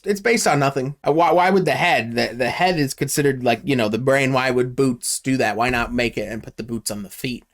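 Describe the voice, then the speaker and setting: A man recaps a film in a loose, sarcastic vlog style, swearing freely as he goes. His voice sits a touch high for a man and swings widely up and down as he tells it. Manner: sarcastic, profane, animated storytelling. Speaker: YouTuber reviewing a film. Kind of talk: casual movie recap and review.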